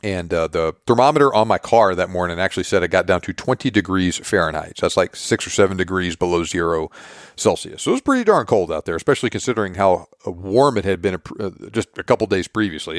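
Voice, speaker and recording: A man's voice: low-pitched, expressive, fast talker, no room sound, studio quality. A man hosting a podcast, casually recapping a story and acting out quoted dialogue. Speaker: podcast host.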